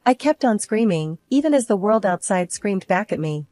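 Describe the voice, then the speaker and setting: A woman's voice: mid-range voice, lively intonation, normal speed, dark tone, no room sound. A woman narrating a dramatic first-person story in a tense telling.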